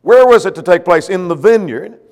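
A man's voice: high voice, lively intonation, normal speed, a little mellow. A male preacher giving a sermon, explaining a passage step by step and asking rhetorical questions. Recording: long hall reverb.

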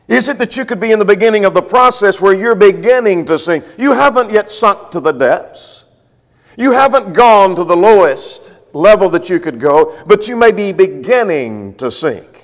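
A man's voice: a little high, big-room sound. A man preaching a sermon, walking listeners through the text verse by verse. His delivery swings from strong emphasis down to near-murmured phrases. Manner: expository, guiding listeners verse by verse.

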